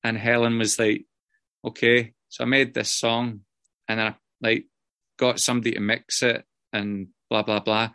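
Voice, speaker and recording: A man's voice: mid-range voice, little pitch movement, moderate pace, bright, forceful tone, clean tone, no room sound, clean studio sound. Rambling, swearing man sharing a story. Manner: rambling, swears often, many fillers, self-mocking. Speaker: guest speaker sharing his story. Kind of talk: casual personal share to a group.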